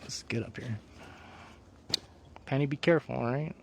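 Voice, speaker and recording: A man's voice: mid-range voice, normal speed, gravelly, slight background noise. A man from Colorado hosting a live vlog outdoors on a mountain, chatting casually and often asking his viewers "huh?".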